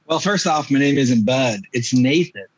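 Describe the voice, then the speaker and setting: A man's voice: medium pitch, expressive, normal speed, slightly rough, dry recording, muffled recording. A man co-hosting a podcast, teasing and cracking sarcastic jokes. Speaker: podcast co-host. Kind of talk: casual podcast banter.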